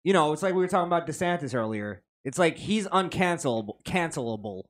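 A man's voice: fairly high pitch, animated, fast. A man co-hosting a casual podcast, blunt and profane, reading news quotes aloud and riffing on them. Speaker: podcast co-host.

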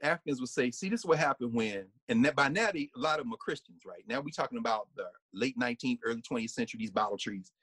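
A man giving a conversational lecture, animated and laughing often, sometimes singing snippets and acting out voices. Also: medium pitch, fast talker, few pauses, slightly rough, dry recording.

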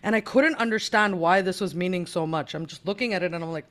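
Person raised in the us telling a story on a podcast panel, acts out the voices, mid pitch. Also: fast talker. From United States. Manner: animated storyteller who acts out quoted dialogue. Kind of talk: casual panel conversation.

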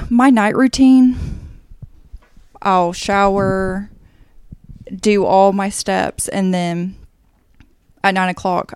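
A young woman co-hosting a podcast in a relaxed, agreeable way. Her voice is smooth and resonant with a gravelly fry, recorded close and dry. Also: mid-range voice, no echo. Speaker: podcast co-host. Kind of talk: casual chat.

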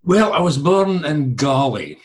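A Scottish man, a guest on a podcast, speaking slowly and a little away from the mic. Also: fairly high pitch, sing-song.

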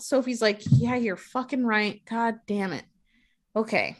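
A woman's voice: fairly high pitch, a little slow. A woman casually retelling a movie plot with frequent swearing, acting out the characters' lines. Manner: profane, animated retelling with quoted voices.

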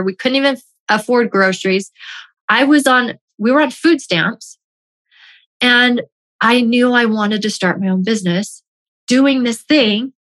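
A woman's voice: on the high side, fairly bright tone. A woman telling a personal story as a motivational speaker, stressing her points by repeating key phrases.

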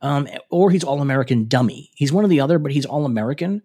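A man's voice: a little high, lively intonation, quick pace, dark tone. A man in his thirties chatting casually and sardonically, with fillers and restarts. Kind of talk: casual chat.

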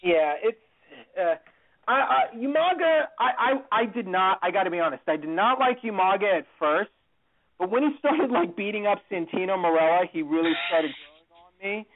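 A man's voice: high voice, animated, moderate pace. A man talking as a podcast guest in casual chat, rambling and restarting often. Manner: rambling with many restarts and fillers. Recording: tinny phone-like line.

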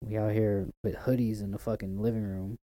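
A man's voice: on the low side, little pitch movement, a little fast, mellow. A man from Florida co-hosting a casual podcast, laid-back and slangy, swearing a lot. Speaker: podcast co-host. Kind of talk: casual profane chat.

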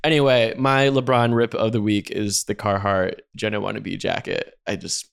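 A young man co-hosting a podcast in casual chat, rambling and animated, full of "like" and casual swearing. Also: lowish voice, normal speed, creaky, smooth. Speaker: podcast co-host.

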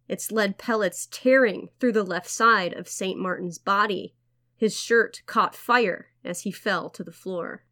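A woman hosting a history podcast, reading a scripted true story in a measured storytelling manner with wry asides. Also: mid-range voice, fairly bright tone. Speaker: podcast host.

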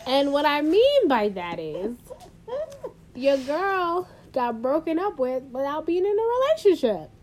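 High-voiced playful woman podcaster. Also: very animated, measured pace, background noise. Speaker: podcast co-host. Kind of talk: casual chat.

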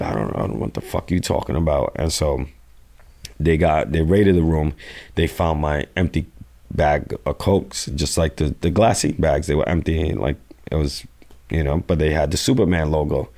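A man's voice: very deep voice, gravelly, darkish tone. A man telling a rambling, profane story in a casual interview. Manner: profane, rambling, acts out quotes. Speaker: guest.

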